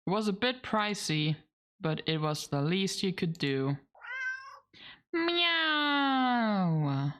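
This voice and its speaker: A woman with a low voice, speaking a little slowly, streams a game and reads its text aloud. Her let's play commentary is full of laughs and casual cursing.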